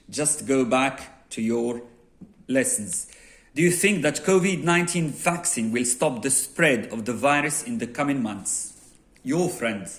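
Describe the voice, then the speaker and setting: A man with a Moroccan accent, an English teacher correcting an exam and dictating answers word by word. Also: mid-range voice. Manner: slow, deliberate dictation, reading sentences word by word.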